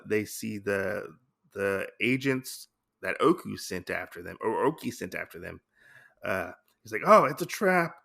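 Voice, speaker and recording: A podcast host casually recaps a comic story in a gravelly, bright voice that sits on the low side and has a bit of vocal fry. He rambles loosely, with plenty of filler.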